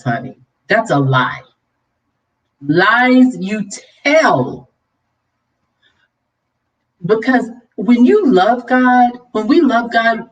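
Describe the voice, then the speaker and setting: A woman's voice: mid-range voice, distant mic, dull audio. A woman hosting a livestream commentary, preachy and scolding, then chatty and laughing with her viewers. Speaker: vlog host.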